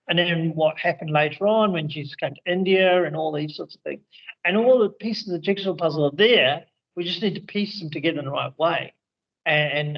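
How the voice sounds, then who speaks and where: A man's voice: high voice, gravelly, highs cut off. A man on a video call at evening, talking casually and rambling with many restarts about spiritual teaching and regression work. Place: indoors in India, evening.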